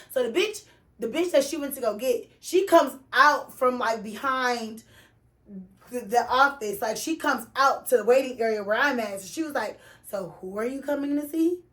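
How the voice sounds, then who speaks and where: A woman with a high voice and a Texas accent tells a story in a loose, casual way. Her talk is full of slang and swearing. She slips into the voices of the people she quotes as she goes. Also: normal speed. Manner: animated, profane, slangy, acts out quoted voices. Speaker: vlogger telling a story.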